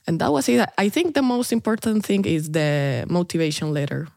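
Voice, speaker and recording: Low-voiced Colombian-born woman, chatty. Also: moderate pace, gravelly, a little mellow, no echo, studio quality. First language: Spanish. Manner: chatty, laughs often, many "like" fillers. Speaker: interview guest, international student. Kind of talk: casual interview chat.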